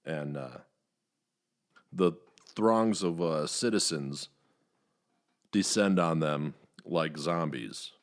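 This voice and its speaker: A man's voice: slow, pauses often. A man hosting a podcast, recapping a movie in a casual, rambling way, with many fillers and some swearing. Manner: rambling, many "uh" fillers, profane, acts out quotes in higher voices. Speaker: podcast host reviewing a movie.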